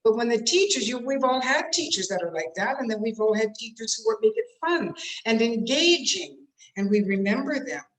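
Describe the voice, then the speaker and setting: A woman running an interactive online communication workshop, speaking in an expressive, emphatic way as she demonstrates. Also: on the high side, moderate pace, reverberant, low-quality recording. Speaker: communication trainer.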